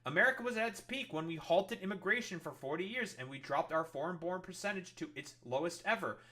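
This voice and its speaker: Bright-voiced man ranting angrily. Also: high voice, animated, fast. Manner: angry, heavy swearing. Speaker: streamer. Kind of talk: ranting commentary over clips.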